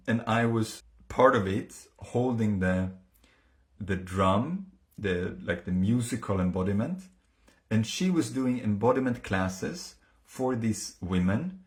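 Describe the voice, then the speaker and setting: A man telling a personal story in a casual, earnest way, halting often with fillers and restarts. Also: on the low side.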